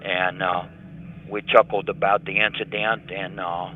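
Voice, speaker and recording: Older male inmate storyteller, low-pitched, phone-line audio. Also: little pitch movement, a little slow. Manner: matter-of-fact storyteller, acting out dialogue. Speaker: prison inmate interviewee. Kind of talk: recounting a story over a phone call. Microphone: prison telephone. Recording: tinny prison phone line.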